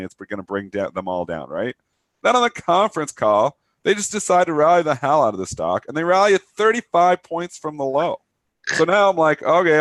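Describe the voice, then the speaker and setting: A man in his thirties with a cold, co-hosting a live trading show in animated, rapid chat. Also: lowish voice, no echo. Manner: animated, rapid trader talk. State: stuffy from a cold. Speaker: co-host of a trading talk show. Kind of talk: casual live market chat.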